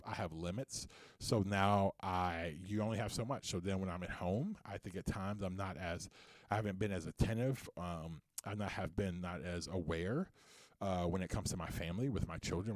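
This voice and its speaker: A man's voice: deep voice, normal speed, no echo, studio quality. A man co-hosting a podcast, talking openly and with passion, his voice rising when he gets worked up. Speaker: podcast co-host and CEO. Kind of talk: candid podcast conversation.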